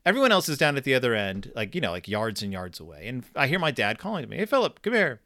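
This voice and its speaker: A man in his thirties tells rambling, self-deprecating stories on his own podcast, often restarting his sentences. His voice is bright and lively and swings widely in pitch. The sound is dry and close, with no room around it. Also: fast talker, dry recording. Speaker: podcast host. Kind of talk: casual storytelling monologue.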